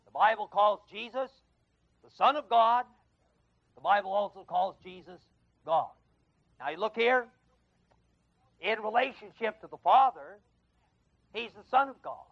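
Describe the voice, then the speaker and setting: A man with a high voice and a gravelly edge teaches a Bible class, pressing his points hard and firing questions at the students. The sound is dry and close, on a dull, lo-fi tape from 1979. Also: no room sound. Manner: emphatic, quizzes the class with questions. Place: adult education classroom.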